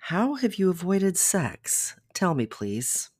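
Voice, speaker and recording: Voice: medium pitch, sing-song, slow pace, a little mellow, slightly rough, no echo, clean studio sound, voice pushed up, exaggerated voice. A reader voicing an intense, controlling young man. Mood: exasperated.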